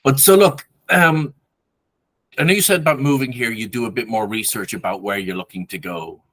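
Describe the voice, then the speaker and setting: A man's voice: medium pitch, normal speed, a bit bright, no room sound. A man with a Dublin Irish accent hosting an interview, asking long, thoughtful questions and searching for the right words. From Ireland. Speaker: podcast host, interviewer. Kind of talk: casual interview conversation.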